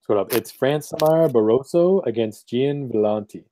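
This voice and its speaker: A man's voice: medium pitch, animated, moderate pace, dark tone, slight background noise. A man from Canada hosting a casual sports podcast, joking and reading out fight picks. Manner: laid-back, joking, reads fight card. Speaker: podcast host. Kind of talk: casual chat.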